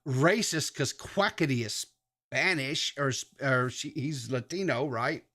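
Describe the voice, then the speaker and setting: A man's voice: medium pitch, measured pace, sharp tone. A man co-hosting a casual podcast, ranting in disbelief and swearing heavily. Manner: profane, ranting and incredulous. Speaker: podcast co-host.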